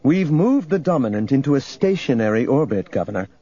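A man voicing a firm, commanding young princess in an audiobook reading, with a measured, formal delivery. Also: medium pitch, sing-song, mellow, breathy edge, dull audio, pitched above the performer's own voice.

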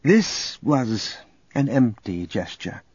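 A man's voice: mid-range voice, sing-song, takes it slowly, breathy edge, no echo, exaggerated voice. A man voicing an earnest grieving young woman. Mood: somber. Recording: dull audio under loud music.

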